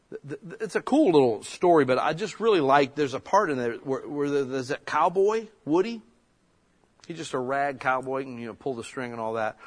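Preaching man, loud then hushed. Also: mid-range voice. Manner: conversational preaching, swinging between loud emphasis and soft near-whispers. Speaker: pastor. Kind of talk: sermon.

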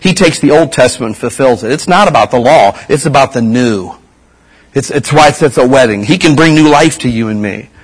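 A man's voice: mid-range voice, expressive, a little fast, breathy edge. A middle-aged man giving a casual, folksy sermon as a pastor, full of slang and repeated asides.

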